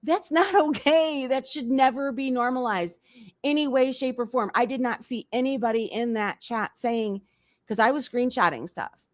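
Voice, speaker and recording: A woman's voice: a little high, moderate pace, dry recording, studio quality. A woman hosting a casual commentary livestream, talking bluntly and repeating her points for emphasis.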